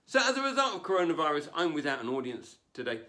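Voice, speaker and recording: A man's voice: fairly high pitch, very animated, quick pace, pushed and bright. A man doing a wry, self-deprecating stand-up comedy set from home, with no audience. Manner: wry, self-deprecating delivery with put-on voices. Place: home, performing without an audience.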